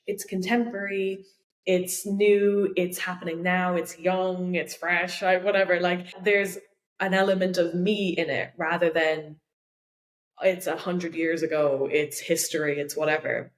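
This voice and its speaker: A woman's voice: on the low side, little pitch movement, measured pace. A young woman, a voice coach, talking thoughtfully as a podcast guest, with many likes and restarts. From Ireland. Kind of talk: casual interview talk. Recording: roomy echo.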